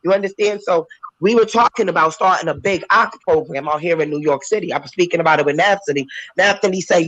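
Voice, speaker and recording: Woman caller, preachy and animated, choked up, dry sound. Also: fairly low pitch, quick pace, dry recording, muffled recording. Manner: emphatic, animated, switches into character voices. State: tearful, emotional. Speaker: caller on a talk panel. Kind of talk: casual talk, preachy and emotional.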